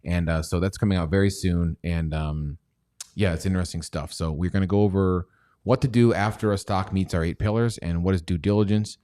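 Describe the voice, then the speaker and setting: Guy hosting a stock stream, low voice, rambly and jokey, goes quiet sometimes. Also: steady tone, fairly quick, smooth. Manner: rambling, joking, drops to near-whispers. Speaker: stock show host; chemist. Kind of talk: casual livestream chat.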